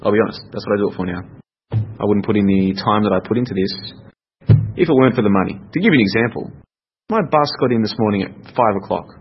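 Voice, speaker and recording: A man's voice: fairly low pitch, fast. A man hosting a casual solo podcast, chatty and rambling, often correcting himself. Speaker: podcast host. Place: home room. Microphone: computer mic. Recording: dull lo-fi audio with faint noise.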